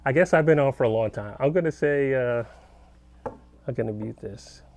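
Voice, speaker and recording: Gravelly middle-aged guitarist chatting. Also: male voice, medium pitch, moderate pace, a little mellow, slight background noise. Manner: rambling, answers viewer comments aloud. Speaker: guitarist hosting a live stream. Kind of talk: casual live-stream chat. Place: home studio.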